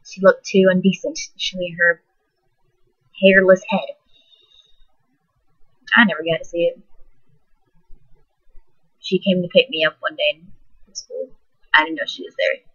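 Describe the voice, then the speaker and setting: A teenage girl telling a personal story in a soft, halting, emotional way. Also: lowish voice, steady tone, breathy edge. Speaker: vlogger. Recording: dull lo-fi recording.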